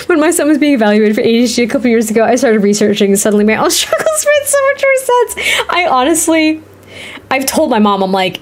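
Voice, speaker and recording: Woman in her 30s, fairly high voice, giggly, rambling stream chat. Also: sing-song, normal speed, long pauses. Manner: giggly, rambling, laughs often. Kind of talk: casual livestream chat while playing.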